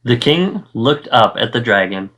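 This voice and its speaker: A man, a fourth-grade teacher, reads a children's picture book aloud. His storytelling is slow and deliberate. His pitch rises and falls lively through each line. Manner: expressive storytelling, acting out sound effects.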